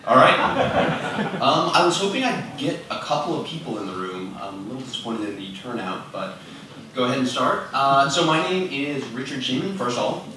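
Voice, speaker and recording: A young man gives a casual conference talk in a large room, chatty, self-deprecating and packed with fillers. His medium-pitched voice is very animated and brisk, but he wanders away from the fixed microphone, so the sound is roomy, distant and off-mic at times, with a noisy background.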